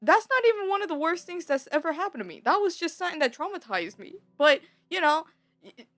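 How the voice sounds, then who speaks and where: A woman's voice: very high-pitched, sing-song, quick pace, a bit bright, no echo. A young woman telling a story in a casual chat, laughing often and acting out the scenes as she retells them. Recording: dry close mic, faint background music.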